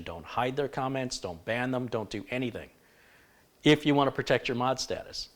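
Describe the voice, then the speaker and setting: A man hosting a live computer-building stream, talking frankly and shifting between stern remarks and chatty thanks. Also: mid-range voice. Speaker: livestream host.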